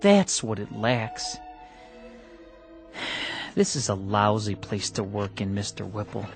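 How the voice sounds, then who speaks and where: A man's voice: on the low side, expressive, takes it slowly, gravelly, soft background music, exaggerated voice. A man playing a frank, weary factory technician who talks in a plainspoken, exasperated way. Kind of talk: 1960s radio drama acting.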